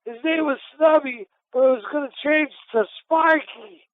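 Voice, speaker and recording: A middle-aged man from Massachusetts calls in over a tinny phone line to a radio show. His voice sits high and gravelly, and he rambles through anecdotes, restarting and repeating himself. The sound is close and dry. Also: normal speed, no room sound. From Massachusetts, USA. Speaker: retired boxer, guest. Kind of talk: casual storytelling interview.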